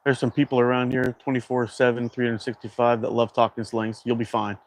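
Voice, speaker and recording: A man's voice: mid-range voice, flat delivery, brisk. Laid-back man chatting on a livestream. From Canada. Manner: chatty, reads viewer comments aloud; laid-back, rambling with fillers. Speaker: livestream host. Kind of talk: casual livestream chat.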